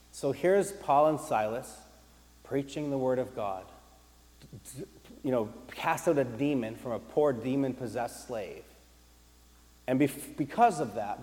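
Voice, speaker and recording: A man preaching a sermon as pastor, animated and emphatic, repeating key phrases and restarting sentences as he goes. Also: medium pitch, in a large hall. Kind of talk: sermon with storytelling.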